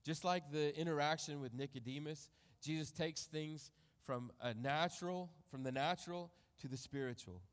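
Preaching a sermon, a pastor with a slightly high voice reads from scripture and considers it in a measured way. Each phrase trails softly away, and a long reverb tail follows.

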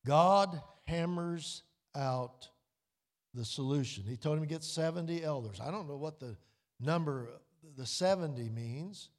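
A man preaching a sermon in a church hall, his slightly high voice carrying a long reverb. He talks in a folksy, storytelling way, sinking into quiet, drawn-out emphasis on key lines. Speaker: pastor.

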